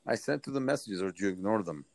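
A man's voice: lowish voice, expressive, quick pace, creaky, dry recording. A man hosting a casual online chat, telling crude rambling stories full of swearing. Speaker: podcast host.

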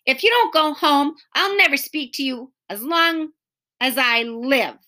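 A fierce little girl defends her yard, snapping in a high, bright voice, as a woman reads her lines. Her words jump sharply up in pitch whenever she gets angry. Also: lively intonation, a little slow, full character voice. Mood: indignant. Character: bossy angry young girl, indignant.

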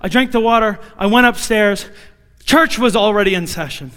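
A young man preaching a personal testimony as a sermon, moving from hushed storytelling to shouted, pleading prayer. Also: high voice, normal speed, clean tone, long reverb tail.

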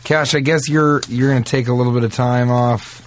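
A man's voice: medium pitch, a little hiss or hum. Teasing man co-hosting a comedy podcast. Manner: teasing, quick deadpan interjections. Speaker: podcast co-host. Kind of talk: comedic banter.

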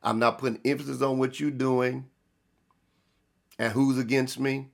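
A male pastor preaching a sermon, with sudden loud emphatic rises and slow drawn-out stresses. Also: mid-range voice, level tone, gravelly.

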